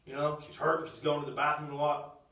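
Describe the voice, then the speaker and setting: A middle-aged man giving a spoken testimony, swinging from loud outbursts to hushed, almost whispered storytelling. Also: fairly high pitch, little pitch movement, quick pace, roomy sound, recorded from a distance, low-quality recording. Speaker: speaker sharing a personal testimony. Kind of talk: testimony talk.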